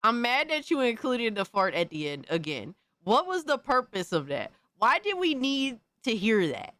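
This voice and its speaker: A woman's voice: fairly high pitch, very animated, moderate pace, a bit bright, dry recording. A woman hosting a casual live stream, reacting to viewer videos with mock outrage, frequent swearing and slangy asides. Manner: mock outrage, swears, calls everyone bro. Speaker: streamer host.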